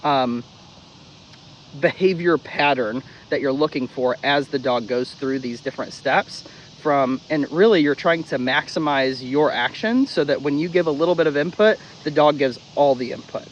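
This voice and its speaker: A man's voice: a little high, normal speed, lo-fi sound, a little hiss or hum. A man who trains dogs, explaining correction step by step in a blunt, casual way. He swears freely and repeats key steps in a drill-like rhythm. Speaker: dog trainer. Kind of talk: casual instructional talk.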